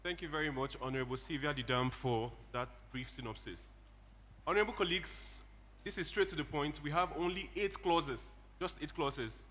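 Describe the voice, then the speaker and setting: A man presides over a legislative session in a bright, slightly high voice, moving briskly from clause to clause. His voice rings out with a long reverb in a large chamber over a faint hum. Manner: brisk, calls out clauses one by one, light teasing. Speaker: presiding chairman of a model assembly. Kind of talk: formal chairing of a legislative session.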